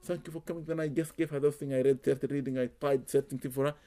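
A man with a mellow, mid-range voice tells stories quickly but with a flat delivery. He's a Muslim spiritual healer giving interview answers, dropping in Arabic religious phrases and repeating words for emphasis.

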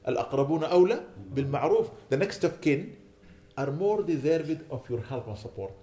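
A man's voice: a little high, animated, moderate pace, dark tone. A man giving an earnest sermon, pleading with his listeners and rising to indignant emphasis. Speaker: imam.

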